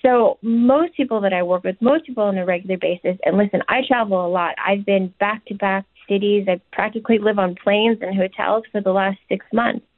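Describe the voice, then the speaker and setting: A woman's voice: mid-range voice, fairly quick, hardly any pauses, no room sound. A woman, a nutritionist and chef, giving casual, chatty advice in an interview, with many "you know"s and "um"s. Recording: tinny dry phone line.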